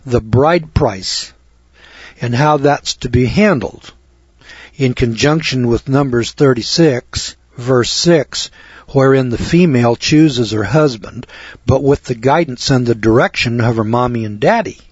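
Blunt, rambling husky-voiced man on radio. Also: medium pitch, measured pace, no echo. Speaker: radio show host. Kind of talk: folksy radio talk show lecture. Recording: dull lo-fi radio recording.

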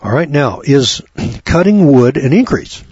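Rural Bible teacher, a chatty man, husky, recorded dry and a bit muffled. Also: medium pitch, very animated, measured pace, darkish tone, no room sound. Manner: folksy, chatty, addresses listeners by name. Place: home studio on a rural property.

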